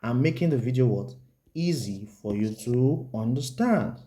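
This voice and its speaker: Male maths tutor, relaxed dark tone, repetitive and checking in with the viewer. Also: medium pitch, normal speed. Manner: repetitive, asks the viewer rhetorical check questions; writes on the board while explaining. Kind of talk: whiteboard maths lesson.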